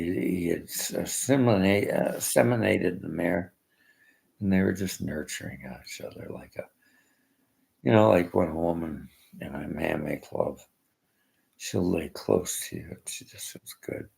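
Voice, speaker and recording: A man speaks in a low, heavily gravelly voice that swings widely in pitch. He rambles through a personal monologue, halting and emotional, and often sinks to a near-whisper. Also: a little mellow.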